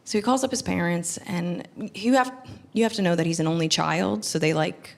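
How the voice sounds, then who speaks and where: A woman's voice: on the low side, brisk, vocal fry. A woman comedian telling a stand-up story, acting out the quotes with big jumps in her voice. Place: comedy club stage.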